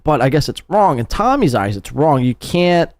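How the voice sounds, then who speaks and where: A man's voice: on the high side, sing-song, moderate pace, darkish tone, no room sound. A man hosting a podcast, commenting sarcastically and mockingly on clips in a casual way. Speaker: podcast host.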